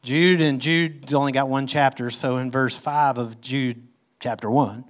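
A man preaching a sermon as pastor, reading scripture aloud and explaining it conversationally with emphatic swings in pitch and loudness. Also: steady tone, measured pace.

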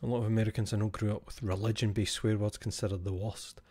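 A man's voice: lowish voice, level tone, fast talker, a little mellow, husky. A Scottish man streaming, chatting casually with his viewers, blunt and freely swearing with chuckling asides. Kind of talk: casual chat with live chat.

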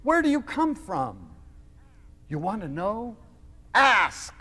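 A man giving a lecture to an audience, telling a personal story in a theatrical, expressive way. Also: high voice, slow, slightly rough, big-room sound. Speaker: lecturer on love.

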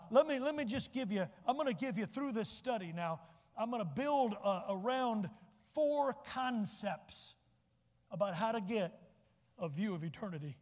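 Male pastor, folksy preaching, high voice, church echo, long reverb. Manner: folksy, joking asides, repeats points slowly. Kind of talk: sermon. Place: church sanctuary.

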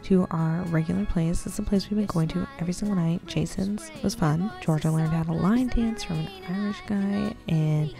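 A woman's voice: lowish voice, moderate pace, creaky, hardly any pauses. A young woman narrating her travel vlog in a chatty, upbeat way, with fillers. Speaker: travel vlogger. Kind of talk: casual vlog narration to camera. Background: background music.

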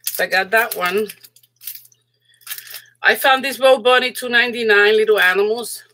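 Giggly, bright-voiced woman streaming live. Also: moderate pace, slight background noise. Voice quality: voice goes high when excited. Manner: excitable, giggly, chatty, talks to viewers in chat. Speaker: crafting channel host. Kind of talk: casual live stream chat.

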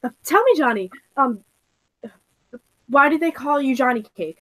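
A woman's voice: high-pitched, expressive, moderate pace, a bit bright, low-quality recording. A teenage student actress reading a poised, firm rich girl over a video call. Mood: curious. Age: teens. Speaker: student actor. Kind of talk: school play read over a video call.

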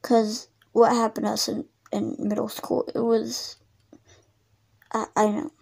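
A woman voicing characters in a toy animal roleplay video, soft-spoken and halting, often repeating words. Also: on the high side, monotone, gravelly, slightly rough.

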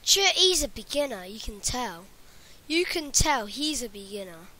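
A woman's voice: fairly high pitch, big pitch swings, moderate pace, sharp tone. A woman talking over her gameplay in a rambling way, often dropping into whispers. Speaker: gaming channel host. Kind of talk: gameplay commentary.

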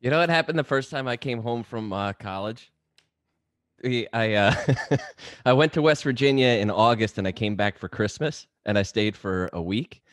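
A man's voice: lowish voice, expressive, normal speed, no echo, studio quality. A man on a radio show telling an amused, casual story. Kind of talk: casual studio banter.

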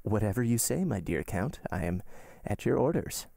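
A man reading as a greedy, flustered banker who fawns and flatters, his voice gravelly and a bit raised above the narration. The recording is dry and close, with a dark tone. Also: fairly low pitch, normal speed, no room sound, heavily acted. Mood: fawning. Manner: eager, obsequious, flattering. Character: fawning middle-aged male banker, greedy and flustered. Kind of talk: audiobook reading.

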